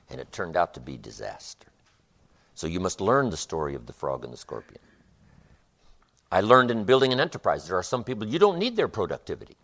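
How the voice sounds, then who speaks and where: A lower-pitched man lecturing at a live seminar, with a voice that swoops up and down as he stresses points. He drives ideas home through rhythmic repetition and weaves in fables as a motivational speaker. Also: fairly bright tone. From United States. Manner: emphatic, rhythmic repetitions, storytelling.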